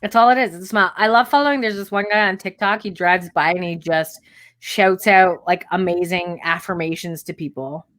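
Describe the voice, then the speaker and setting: A woman's voice: on the low side, steady tone, brisk, a bit bright. A woman co-hosting a podcast, talking listeners through a motivational pep talk in a direct, coaching way with casual swearing. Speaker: podcast co-host.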